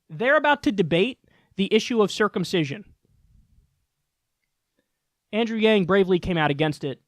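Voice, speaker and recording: A man's voice: high-pitched, no echo, studio quality. A man giving a heated, sarcastic political commentary rant, swearing freely. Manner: fired-up, sarcastic, profane.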